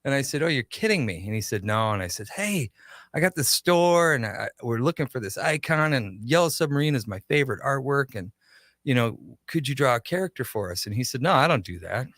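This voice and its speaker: A man guesting on a radio talk show, telling stories about his shop with lively quoted dialogue, in a studio. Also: mid-range voice, fast talker, no echo. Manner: animated anecdotes with quoted dialogue. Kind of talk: casual radio interview storytelling.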